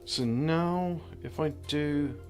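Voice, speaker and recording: He speaks slowly in a fairly high voice, with soft music behind him, while streaming a game. Casual, joking sardonically, he mutters to himself as he works out what to do next.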